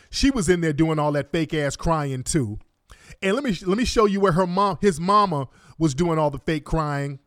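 A man's voice: a little high, no room sound, studio quality. A man giving indignant, profane, mocking commentary while reacting to court video. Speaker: online commentator.

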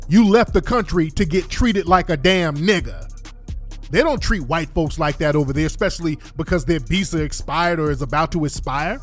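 A man giving blunt, animated commentary to his livestream audience, repeating himself often. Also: fairly high pitch, moderate pace, soft background music.

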